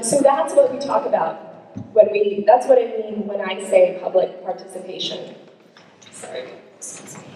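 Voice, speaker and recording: Council lady talking to a room of locals, mellow voice, picked up from across an echoey hall. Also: medium pitch, a little hiss or hum. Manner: conversational, asks the audience questions. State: a little out of breath. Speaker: city council member. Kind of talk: public speech to constituents. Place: meeting room, audience present. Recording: echoey hall recorded from far off.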